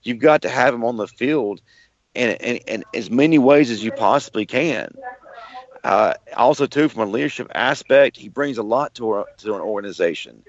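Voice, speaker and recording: A man co-hosting a sports podcast in casual talk, excitable and tripping over his words. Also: medium pitch, moderate pace, no echo. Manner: excitable, stumbling restarts. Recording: muffled lo-fi dry sound.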